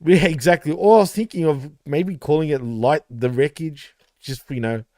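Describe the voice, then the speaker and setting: A man's voice: a little high, normal speed, darkish tone, no room sound, clean studio sound. A man, co-hosting a casual podcast chat with profane, laughing banter. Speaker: podcast co-host.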